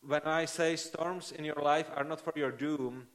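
A man's voice: a little high, steady tone, a little slow. A man preaching a sermon in an earnest, conversational way, often checking in with the listeners. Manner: earnest, conversational, frequent tag questions.

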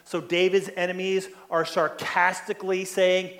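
A man's voice: a little high, takes it slowly. A man preaching a sermon in an earnest way, often repeating words as he presses a point.

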